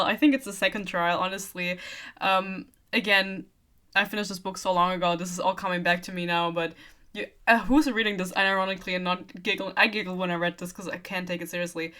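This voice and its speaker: Bright-voiced sarcastic young woman. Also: on the low side, steady tone, fairly quick. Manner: sarcastic, giggly, swears freely. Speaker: book reviewer. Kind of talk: casual ranting book review.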